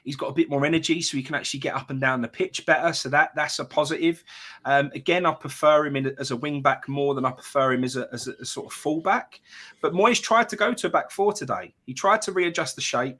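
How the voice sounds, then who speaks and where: A man talking through a football result in a bright, forceful voice pitched a little high. He drives his points home, calling his friend mate and asking rhetorical questions as he goes. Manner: emphatic, keeps saying mate and asks rhetorical questions. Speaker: football fan pundit. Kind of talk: post-match reaction chat.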